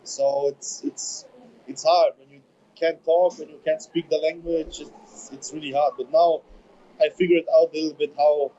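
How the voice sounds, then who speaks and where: A man in his twenties with a German accent, a bodybuilder speaking English as a second language in a casual interview, halting and repeating words as he searches for them. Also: a little high, level tone, dark tone, a little hiss or hum. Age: 20s. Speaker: bodybuilder guest. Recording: dull lo-fi remote audio.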